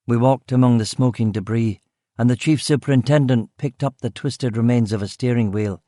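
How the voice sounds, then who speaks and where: A man narrates a first-person crime novel in a steady, understated voice of middling pitch. The sound is close and completely dry, with no room around it. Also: normal speed, dry recording. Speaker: audiobook narrator.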